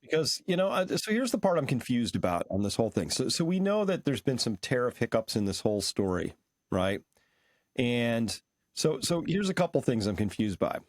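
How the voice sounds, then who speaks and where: A man's voice: mid-range voice, very animated, moderate pace, no room sound. Guy going over charts and numbers, analytical, dry close sound. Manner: analytical, walks through charts and figures. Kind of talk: conversational market discussion.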